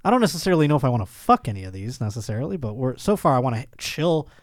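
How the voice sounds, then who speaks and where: A man's voice: mid-range voice, sing-song, rapid-fire, dry recording, studio quality. A man hosting a casual comedic podcast, riffing with profanity and playful mock voices. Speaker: podcast host.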